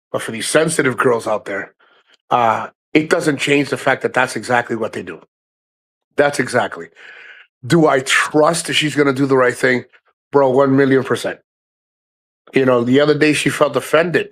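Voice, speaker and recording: A man talks straight to his livestream chat in a loose, rambling way, cursing freely as he goes. His voice sits at an ordinary middle pitch, and his delivery stays blunt and unpolished. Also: moderate pace, a bit bright. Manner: frank, heavy swearing, rambling asides to the chat. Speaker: livestream host.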